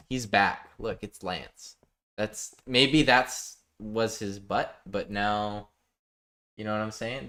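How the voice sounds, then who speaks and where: Speaking slowly in a lowish, fairly bright voice, this man chats casually with viewers during a live stream of a building game. He reads chat aloud and jokes along the way.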